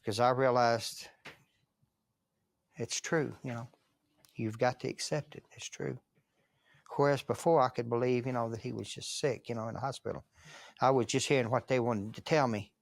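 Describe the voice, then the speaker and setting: A man's voice: mid-range voice, steady tone, normal speed, vocal fry, long pauses, dry recording. A man interviewed for a documentary, recounting a memory and acting out the words of others. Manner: storytelling, acts out quoted dialogue.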